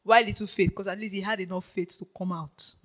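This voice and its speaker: A preacher giving a lively sermon, dropping to a hush and then rising to shouts, laughing often and checking in with the congregation. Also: medium pitch, brisk, poor audio. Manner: animated, swings from hushed to shouting, laughs often; keeps checking in with the audience.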